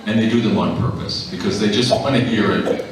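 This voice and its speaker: A man's voice: lowish voice, a little fast, very noisy. A man who voices characters, telling stories to a live convention panel audience and acting out the voices in them. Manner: animated, acts out the voices in his stories. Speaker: voice actor guest on a convention panel. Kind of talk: anecdotal storytelling to a live audience. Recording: echoey hall, mic heard from far off.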